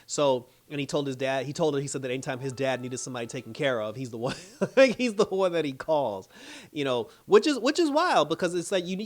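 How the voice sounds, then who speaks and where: A man giving a casual, slangy recap of a TV episode as a reviewer, full of "like" and "you know" and laughing often. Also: a little high. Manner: loose, chatty retelling full of "like" and "you know". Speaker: TV show reviewer.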